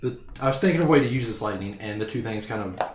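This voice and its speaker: A man playing a tabletop game, explaining things haltingly with many restarts, in an echoey room with faint noise. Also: fairly low pitch, animated. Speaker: player. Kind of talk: casual tabletop play.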